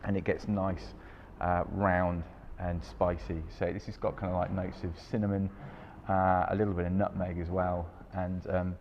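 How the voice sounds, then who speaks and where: A man hosting a wine subscription video, talking casually with lots of ums and a relaxed, chatty manner. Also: sits low, long reverb tail, dull audio, a little hiss or hum. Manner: relaxed, filler-heavy, chatty. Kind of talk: casual presenting to camera.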